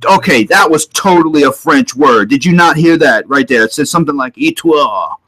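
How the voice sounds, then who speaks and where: A man hosting a paranormal livestream who talks excitedly, repeats himself and questions the spirits. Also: fairly high pitch, brisk. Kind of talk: live stream commentary during spirit session. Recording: loud background noise.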